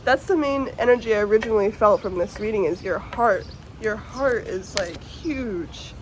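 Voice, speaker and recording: Woman, tarot reader, casual and heartfelt, mild swearing, at times near tears, mid-pitched voice, faint background noise. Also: moderate pace. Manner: emotional, earnest and swearing casually. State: tearful at times. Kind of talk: casual tarot reading to viewers.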